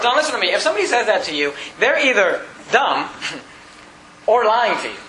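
A pastor preaching a sermon, reading scripture aloud and firing off rhetorical questions in an emphatic delivery. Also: male voice, sits high, very animated, normal speed, pushed and bright. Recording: echoey hall.

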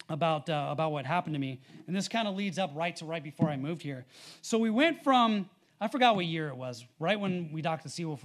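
A man preaching a sermon, reading scripture with emphasis and telling stories in a casual, conversational way. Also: fairly high pitch. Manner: animated, rising loud on scripture readings; conversational with fillers and storytelling.

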